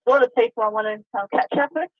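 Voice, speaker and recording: On a dull, distant phone line, an Australian-accented woman rattles off her words rapid-fire as she calls in to a talk show. Her slightly high voice chats in a rambling, relaxed manner with easy laughter, and the recording is dry.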